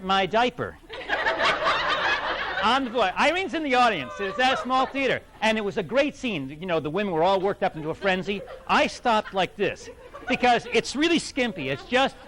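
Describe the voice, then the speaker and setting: A middle-aged man from New England telling an anecdote to a fan audience, animated and laughing, with many restarts. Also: high voice, normal speed. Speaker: guest actor at fan event. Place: event hall with audience.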